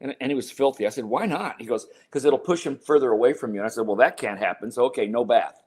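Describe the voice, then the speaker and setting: Older man, podcast guest, storytelling, acts out dialogue, mid-pitched voice. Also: quick pace. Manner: animated storyteller acting out quotes. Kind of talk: storytelling interview.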